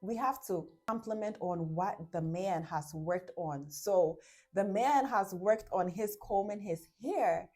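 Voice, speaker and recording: This woman gives casual relationship advice to the camera, illustrating points with ordinary examples, playing out little quotes, and checking in with "right?" often. She talks slowly in a warm, mid-range voice.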